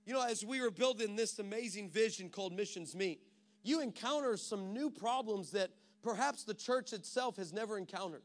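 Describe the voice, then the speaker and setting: A man's voice: sits high, normal speed. A male pastor preaching a sermon in an emphatic, punchy way.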